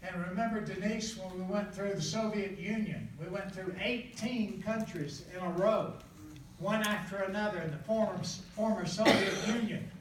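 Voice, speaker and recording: An older man from the southern United States, a traveling evangelist, telling his testimony in a folksy, animated way with laughter. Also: high voice, normal speed. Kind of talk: storytelling testimony in conversation. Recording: echoey room, distant mic, faint noise.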